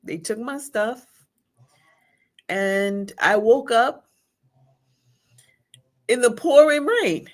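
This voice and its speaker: A middle-aged woman, a guest, telling an emotional personal story in a halting way, with restarts and quoted speech. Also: on the high side, lively intonation.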